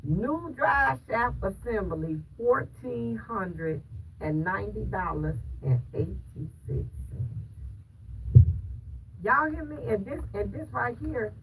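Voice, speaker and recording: A woman's voice: medium pitch, very animated, takes it slowly. A woman telling her viewers a story in an emphatic, preachy way, often stopping to ask if they hear her. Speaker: vlogger. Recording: distant mic with clear background noise.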